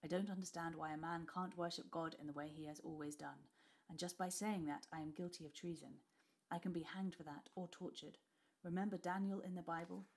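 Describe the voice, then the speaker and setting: Woman reading as a scared grave father, lowered urgent voice, quiet and soft. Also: steady tone, brisk. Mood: urgent hushed. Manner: urgent, hushed, trembling. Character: frightened Tudor father, grave and weary.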